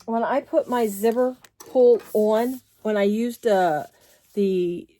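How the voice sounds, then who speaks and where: A woman's voice: a little high, slow pace, warm tone. A woman giving a casual sewing tutorial in a chatty, rambling way, full of fillers and restarts. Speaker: sewing pattern designer.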